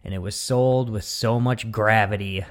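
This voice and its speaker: A man's voice: lowish voice, fairly even intonation, moderate pace. A man co-hosting a casual comedy podcast, joking, swearing and slipping into goofy impressions. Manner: jokey, swears, jumps into goofy shouted impressions. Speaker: podcast co-host.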